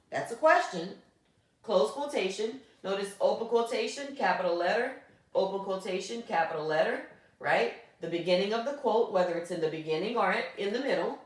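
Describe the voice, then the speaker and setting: A woman teacher giving a grammar lesson, explaining patiently and often checking in with "okay?". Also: medium pitch. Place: classroom. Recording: very echoey room, voice from far off.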